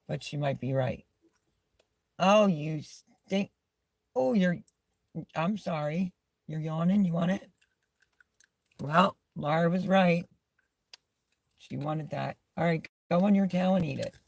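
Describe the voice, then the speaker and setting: Slow, gravelly-voiced middle-aged woman. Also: low-pitched, no room sound. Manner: rambling, chats to her dog between thoughts. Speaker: live streamer. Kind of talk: casual live-stream chat. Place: small camping setup indoors.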